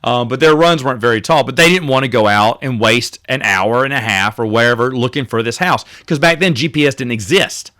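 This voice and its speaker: Man, podcast host, casual storytelling, rambling, self-correcting, bright voice. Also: mid-range voice, brisk, few pauses.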